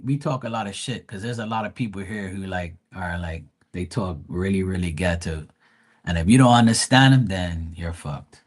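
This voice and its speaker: Chatty Bermudian man. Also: lowish voice. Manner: chatty, animated storytelling with slang. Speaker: live tarot reader. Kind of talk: casual live-stream chat.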